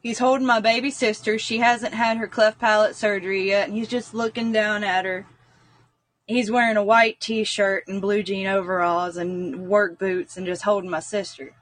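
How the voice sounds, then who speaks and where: A woman's voice: mid-range voice, fairly even intonation, moderate pace, no room sound. A woman, a guest earnestly recounting a personal story, rambling with frequent fillers. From North Carolina, US.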